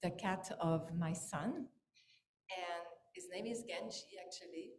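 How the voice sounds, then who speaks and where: A woman chats in a rambling, affectionate way during a relaxed group conversation. Her voice echoes in the room, and a faint rumble sits behind it. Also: measured pace. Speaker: participant. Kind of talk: casual group discussion.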